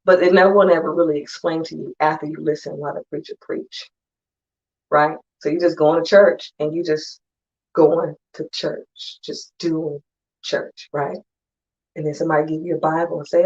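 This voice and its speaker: Low, emphatic woman speaker, conversational motivational talk, dull lo-fi audio. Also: steady tone, a little mellow. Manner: conversational and emphatic, acting out friends in quick asides. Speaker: conference speaker. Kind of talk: motivational talk to an online audience.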